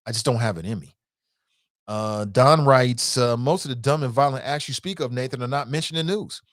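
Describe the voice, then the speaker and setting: A man running a casual call-in talk show, reading listener messages aloud and answering them. His voice sits at a middling pitch and jumps up sharply when he is incredulous. He repeats lines for emphasis, and the sound is close and dry with no room echo. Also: a little fast, a bit bright. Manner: conversational, repeats himself for emphasis.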